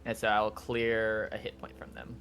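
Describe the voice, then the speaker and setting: A man's voice: fairly low pitch, fairly even intonation, moderate pace, creaky, a bit bright, a little hiss or hum. A man playing in a tabletop game, chatting casually and correcting himself as he goes. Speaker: player.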